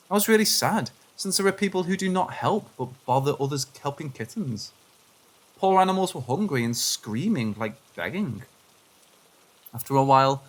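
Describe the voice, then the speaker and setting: A man narrating submitted paranormal stories in a steady, scripted reading voice. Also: medium pitch.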